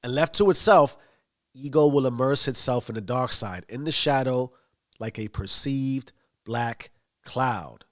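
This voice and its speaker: A man's voice: medium pitch, a little slow. A man giving a motivational monologue, emphatic and given to long lists. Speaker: motivational speaker.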